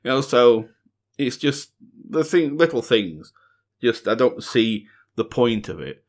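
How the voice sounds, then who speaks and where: A man's voice: mid-range voice, sing-song, unhurried. A middle-aged man, talking earnestly in a casual solo Q&A and repeating phrases for emphasis. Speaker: music reaction channel host.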